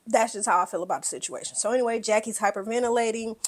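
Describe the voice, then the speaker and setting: A woman's voice: a little high, racing, hardly any pauses. A woman giving a casual, blunt and profane recap of a reality show, acting out what people said. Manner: animated, blunt and profane, acts out quotes.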